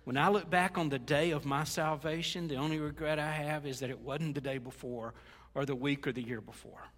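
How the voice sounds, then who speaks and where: A man's voice: on the high side, fairly even intonation, a little fast, fairly bright tone. A middle-aged male pastor preaching a sermon in a conversational, joking way, slipping into quoted asides. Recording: long hall reverb.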